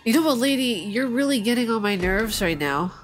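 A woman's voice: a little high, lively intonation, brisk, soft background music. Playful, chatty woman gamer. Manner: playful, chatty, talks to the viewers. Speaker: gaming channel host. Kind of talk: casual let's-play commentary.

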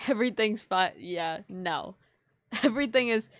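A woman's voice: mid-range voice, lively intonation, a little slow, long pauses, no echo. A woman streaming live, chatting casually with her viewers and teasing them in a playful, mock-offended way. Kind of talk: casual livestream chat with viewers.

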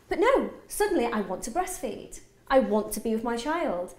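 A woman's voice: fairly high pitch, big pitch swings, moderate pace. A woman guest on a podcast, talking in an earnest, reflective way in casual chat. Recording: roomy echo.

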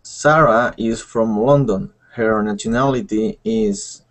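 A man's voice: fairly low pitch, takes it slowly. Hesitant male learner. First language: Spanish. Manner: hesitant, tentative answers. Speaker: language student.

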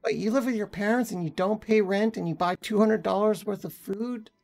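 A woman's voice: medium pitch, a little fast, gravelly, a little mellow, soft background music. A woman VTuber streaming a game live, reacting with frustrated swearing and chatting with her viewers. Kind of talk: live gameplay commentary.

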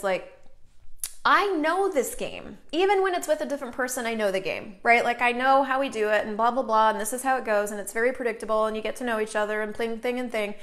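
A middle-aged woman hosting a live stream, talking casually and greeting viewers by name as she goes. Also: mid-range voice. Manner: chatty, greets viewers by name mid-sentence.

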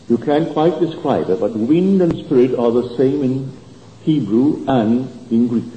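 A man giving a spiritual lecture with an emphatic delivery that jumps up and drops low, recorded on old archival tape in a hall. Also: muffled recording, a little hiss or hum. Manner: emphatic, swooping delivery with sudden rises and drops.

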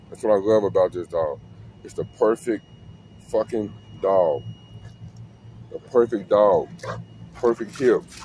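A man's voice: fairly low pitch, mellow, a little hiss or hum. Laid-back slangy man outdoors. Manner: slangy, laid-back, talks to camera and dog. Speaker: dog breeder. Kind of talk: casual vlog talk. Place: outdoors with a dog.

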